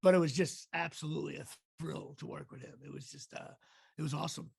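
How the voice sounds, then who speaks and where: Raspy, high-pitched animated male storyteller. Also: fast, dry recording. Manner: animated storyteller acting out quotes. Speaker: actor and comedian guest. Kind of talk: storytelling in a casual interview.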